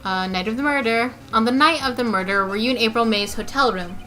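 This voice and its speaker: A woman's voice: on the high side, a little fast, bright, forceful tone, faint music behind. A woman voicing an earnest young male defense attorney, reading his dialogue and wry inner asides aloud.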